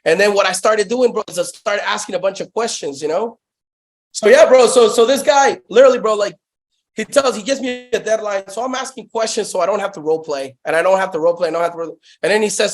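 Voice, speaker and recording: A man telling his story as a guest in a casual interview, excitable and slangy, swearing and saying bro, on a Bluetooth headset call. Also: high voice, fast talker. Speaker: guest, sales founder.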